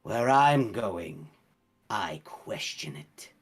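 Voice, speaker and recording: A man's voice: low-pitched, big pitch swings, very slow, slightly rough, full character voice. A man voicing a grim hooded little traveler. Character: small hooded cloaked male traveler, grim and stubborn.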